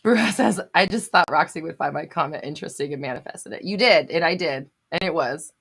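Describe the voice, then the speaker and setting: A woman's voice: sits low, brisk, fairly bright tone, slightly rough. A woman hosting a live question-and-answer stream, reading out viewer comments and answering them bluntly, with emphatic repetition, swearing and laughing at herself.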